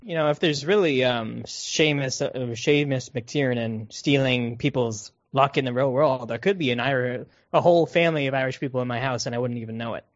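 A man's voice: mid-range voice, a little fast, few pauses, no room sound. Rambling jokey man in his twenties. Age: 20s. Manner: rambling, jokey, laughs often. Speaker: podcast co-host. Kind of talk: casual movie review chat. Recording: dull lo-fi sound.

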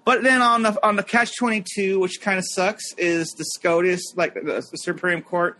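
High, bright-voiced rambling man. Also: level tone, moderate pace, slight background noise. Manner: rambling, lots of fillers, mimics people in anecdotes. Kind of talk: casual podcast chat.

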